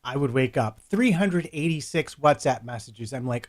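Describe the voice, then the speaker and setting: A man's voice: mid-range voice, expressive, moderate pace. A man co-hosting a casual podcast, wry and mocking.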